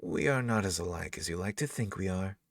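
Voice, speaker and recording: Guy doing a snooty wizard lady, drawly and superior, low gravelly voice. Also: a little fast, no echo, studio quality, distant mic. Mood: cool defiance. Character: haughty red-haired woman court wizard, rival.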